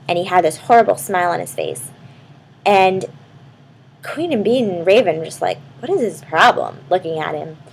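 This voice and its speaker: A woman telling an improvised bedtime story to a child, speaking warmly and turning to the listener with questions. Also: lowish voice, expressive, moderate pace, vocal fry, long pauses, a little hiss or hum, rough recording. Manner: warm, addresses the listening child directly.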